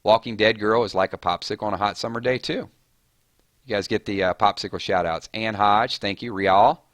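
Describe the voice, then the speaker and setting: A man's voice: lowish voice, fairly even intonation, fairly bright tone, no room sound, studio quality. A man hosting a casual live stream, rattling off chat names and thanking viewers. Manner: rapid-fire, chatty, reading names off chat.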